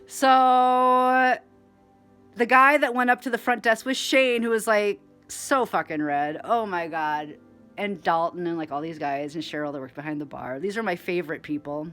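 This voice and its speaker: A woman's voice: a little high, fairly quick, fairly bright tone, faint music behind. A woman, a former club dancer, casually telling stories in a rambling way, full of fillers and swearing, acting out what others said. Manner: rambling, filler-heavy, swears a lot, acts out others' lines. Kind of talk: casual storytelling.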